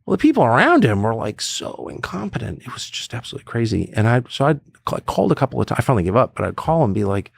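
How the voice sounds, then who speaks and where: A middle-aged man talking as a podcast guest, blunt and animated, acting out quotes with sudden high bursts. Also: fast, creaky, hardly any pauses, husky, no room sound. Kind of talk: casual conversation.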